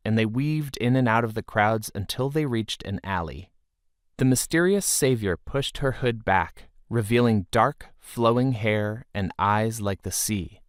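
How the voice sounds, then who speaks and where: A man narrating a fantasy audiobook in an expressive storytelling way, close to the mic. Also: on the low side, no room sound.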